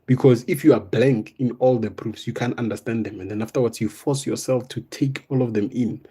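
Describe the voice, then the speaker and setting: A young man teaching math in a live online exam revision lesson, casual and step by step, often tagging on "right?" and "boom". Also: fairly even intonation, a little fast, warm tone, slightly rough. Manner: explains step by step, coaxing students.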